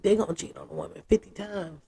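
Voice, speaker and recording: A woman, telling a story in a casual interview, frank and animated, acting out what others said. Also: lowish voice, fast talker, creaky. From United States. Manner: animated, acts out quotes, frank and profane.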